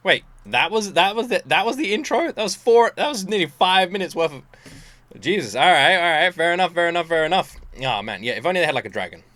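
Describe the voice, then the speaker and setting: A man's voice: sits high, lively intonation, fast, bright, forceful tone. A man, telling stories animatedly and swearing freely as he hosts a casual reaction video.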